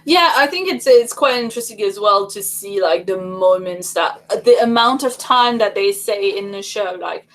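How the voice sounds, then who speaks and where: A woman's voice: mid-range voice, lively intonation, moderate pace, hardly any pauses, a bit bright, rough recording. A woman hosting a casual livestream chat, talking in a rambling way with many fillers and restarts. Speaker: livestream host.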